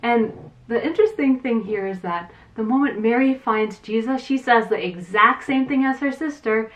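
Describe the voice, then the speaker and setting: Animated woman retelling a Bible story. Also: a little high, normal speed, recorded from a distance. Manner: animated storyteller acting out quotes, with fillers. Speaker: children's Sunday school teacher.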